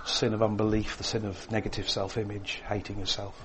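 A man preaching a sermon, swinging between emphatic lines and hushed, quiet ones. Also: lowish voice, level tone, fairly quick, a little hiss or hum.

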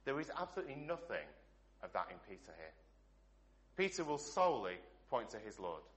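A middle-aged man from England delivers a sermon with a bright, forward tone. He preaches earnestly, posing one rhetorical question after another, and lets the ends of his phrases fall soft. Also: mid-range voice, sing-song, a little fast. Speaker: pastor.

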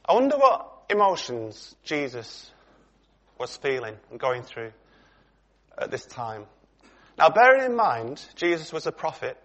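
A man's voice: fairly high pitch, very animated, unhurried, pauses often, a bit bright. A middle-aged man preaching a sermon in a conversational way, putting questions to his congregation.

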